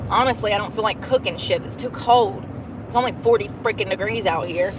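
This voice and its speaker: A woman's voice: mid-range voice, a little fast, noisy background. A woman chatting casually while driving, profane and laughing often. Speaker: vlogger. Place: car.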